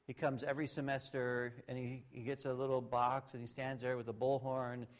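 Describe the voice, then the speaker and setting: A middle-aged pastor gives a conversational sermon at a brisk pace with a flat delivery. He alternates between loud, sarcastic mock voices and quiet asides.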